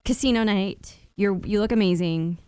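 A woman hosting a casual chat, asking follow-up questions with wry quick reactions. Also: medium pitch, mellow, smooth, no echo.

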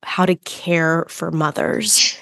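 A woman's voice: low voice, flat delivery, slow, gravelly, sharp tone, no echo, studio quality. A woman hosting a podcast, speaking earnestly and searching for her words in a casual conversation. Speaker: podcast host.

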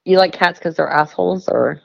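A woman in her fifties, chatty and quick to laugh and exclaim, in a casual podcast chat over a dull line. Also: lowish voice, creaky, no room sound. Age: 50s.

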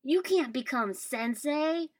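A woman reading a story aloud, voicing a loud, excitable, melodramatic boy ninja who yells. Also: high voice, slow pace, pitched above the performer's own voice, heavily acted. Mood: excited. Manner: yelling, melodramatic.

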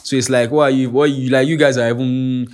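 A young Nigerian-accented man, talking loose and animated on his own podcast. He swears freely and keeps checking that the listener follows him. His voice sits at an ordinary male pitch. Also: a little fast. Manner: animated and profane, keeps asking "you get what I'm saying". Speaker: podcast host. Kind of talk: casual monologue.

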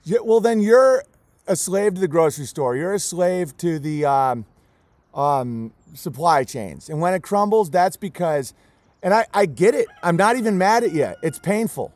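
A man's voice: sits high, lively intonation, moderate pace, darkish tone, no echo. A man who raises goats and chickens, ranting in an impassioned vlog, emphatic and emotional, hammering the same words again and again, close to tears. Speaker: homesteader raising goats and chickens.

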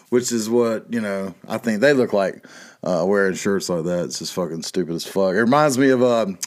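A man's voice: on the low side, expressive, moderate pace. Middle-aged guy, cussing a lot, rambly solo podcast rant. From North Carolina, USA. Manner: profane, rambling, laughs at his own jokes. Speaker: podcast host. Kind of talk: casual monologue.

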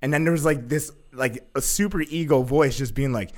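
A young man in casual chat, telling a story excitedly, swearing a lot and acting out what others said. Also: medium pitch, fairly quick. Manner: excitable, profane, acts out quotes with laughter.

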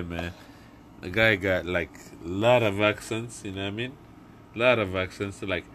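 Man, podcast host, profane rambling monologue, put-on comic accent, bright tone, slow delivery. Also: fairly low pitch. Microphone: phone.

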